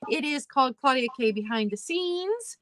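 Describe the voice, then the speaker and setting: A woman's voice: sits high, animated, normal speed, crowd noise. A woman hosting her channel's live sale, chatting casually and wrapping up with announcements. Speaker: channel host.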